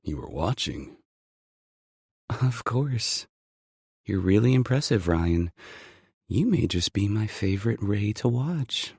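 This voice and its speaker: A man reading an audiobook, voicing a playful, teasing woman with a dry, deadpan wit. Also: on the low side, slow, long pauses, slightly rough, dry recording, voice pushed up, full character voice.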